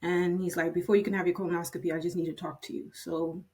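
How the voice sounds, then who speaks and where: A woman's voice: on the low side, level tone, fast talker, darkish tone. A woman in her fifties, a nurse, telling her own story in a casual, chatty way and relaying conversations. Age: 50s. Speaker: oncology nurse sharing her patient story.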